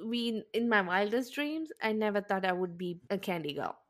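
A woman's voice: mid-range voice, normal speed, a bit bright. A woman co-hosting a podcast, chatting casually in an emphatic, agreeable way. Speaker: podcast co-host. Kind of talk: casual chat recapping reality TV.

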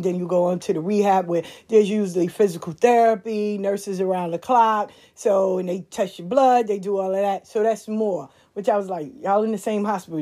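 A woman's voice: mid-range voice, a little mellow. A woman telling personal stories and giving life advice in a candid, profane way, full of slang. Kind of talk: casual storytelling talk.

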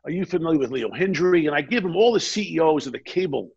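Gravelly-voiced man telling a story. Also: on the high side, fast talker, lo-fi sound. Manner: animated anecdote-telling, acts out quoted dialogue. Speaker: interview guest. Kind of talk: casual storytelling.

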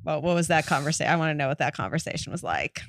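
A blunt host who swears casually and directs improv scenes. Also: female voice, low-pitched, lively intonation, racing. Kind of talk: casual chat.

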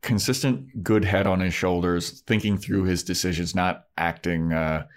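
A man's voice: sits low, moderate pace. A man co-hosting a casual podcast, recapping a TV episode and acting out the characters' lines. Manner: animated retelling, acts out characters' lines. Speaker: podcast co-host.

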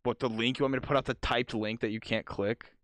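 A man's voice: medium pitch, steady tone, quick pace, a bit bright, no room sound. A young man co-hosting a podcast in loose, joking casual chat, swearing often. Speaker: podcast co-host.

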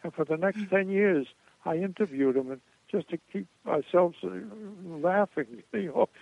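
An older man reminisces with a storyteller's meandering rhythm, dotted with hesitations and restarts. His voice sits a little high for a man and comes through a thin, phone-like line with no room sound at all. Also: normal speed, creaky, no room sound. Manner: rambling anecdotes with frequent uh and restarts. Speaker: guest comedian. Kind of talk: storytelling in a radio interview. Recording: tinny dry phone line.

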